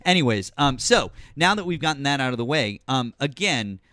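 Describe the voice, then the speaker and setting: A man's voice: mid-range voice, expressive, moderate pace, pushed and bright, no room sound, clean studio sound. A man hosting a live call-in debate show, talking over his caller in a mocking, condescending way. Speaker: host.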